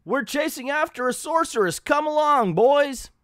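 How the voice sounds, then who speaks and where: A man reading the lines of an excitable grown duck from a comic in his plain reading voice, with no duck voice. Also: very high-pitched, moderate pace, dry recording, studio quality, pitched above the performer's own voice. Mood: eager. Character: excitable grown male cartoon duck nephew.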